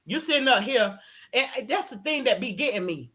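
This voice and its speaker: A woman with a bright, forceful voice talks heatedly in a casual chat. She hammers her points home with repetition. Her voice sits a little high. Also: animated, a little fast, slightly rough. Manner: heated, emphatic ranting with repeats. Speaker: host.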